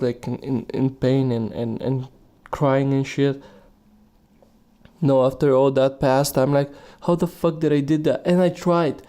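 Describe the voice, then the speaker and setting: A young man hosts his own podcast in a loose, meandering way, swearing constantly and chuckling at his own tangents. His voice is dark and mellow, sitting at an ordinary middle pitch for a man. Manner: profane, meandering, laughs at himself. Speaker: podcast host. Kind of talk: casual solo podcast rambling.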